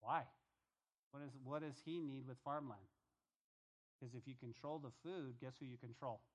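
A man's voice: medium pitch, normal speed. A man preaching a Bible-teaching sermon, speaking emphatically, repeating phrases and firing rhetorical questions straight at his congregation. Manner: talks directly to the congregation. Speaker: pastor.

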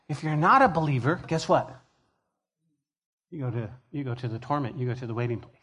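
A male pastor teaching a sermon verse by verse, conversational and expressive, moving from hushed to emphatic. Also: on the high side, brisk.

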